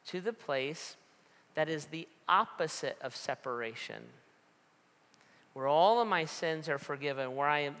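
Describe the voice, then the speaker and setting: A man's voice: on the high side, sharp tone, big-room sound. A man preaching a sermon, talking like a conversation, telling stories and asking repeated rhetorical questions. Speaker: pastor.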